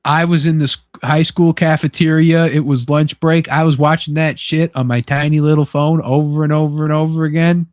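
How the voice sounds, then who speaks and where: A young man hosting a casual chat, excitable and swearing freely, acting out quotes as he talks. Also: fairly high pitch, normal speed, hardly any pauses, dry recording, studio quality. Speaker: podcast host.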